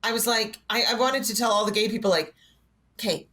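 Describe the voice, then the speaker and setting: A woman's voice: fairly high pitch, fast. A woman from Canada telling self-mocking comic anecdotes on a podcast, acting out the people in her stories. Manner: animated, self-mocking, acts out voices in anecdotes. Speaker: guest co-host. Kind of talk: comedic storytelling chat.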